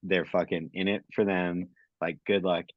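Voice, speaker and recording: A man's voice: low-pitched, level tone, normal speed, no room sound, highs cut off. A man, a chef guest on a podcast, rambling through stories in casual chat and swearing. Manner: rambling, laughs loudly, swears.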